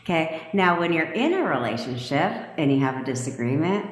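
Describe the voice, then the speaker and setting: A lower-voiced woman gives brash, profane coaching straight at her listeners. She scolds and hammers her points home. The sound bounces around a room with a long, ringing tail. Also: expressive, a little fast. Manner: brash, swearing, emphatic and scolding. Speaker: manifestation coach. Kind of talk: blunt, profane live-stream coaching rant. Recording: echoey room with long reverb.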